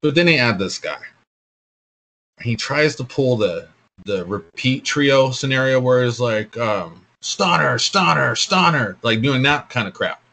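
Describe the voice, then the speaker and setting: A man's voice: medium pitch, measured pace, fairly bright tone. A man co-hosting a podcast in casual chat, blunt, opinionated and given to swearing. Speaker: podcast co-host.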